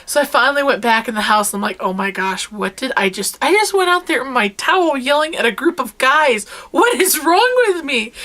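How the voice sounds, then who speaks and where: Bright-voiced young woman telling stories. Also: fairly high pitch. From rural United States. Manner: animated, breaks into loud yelling when retelling. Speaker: vlogger. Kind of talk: casual storytelling chat.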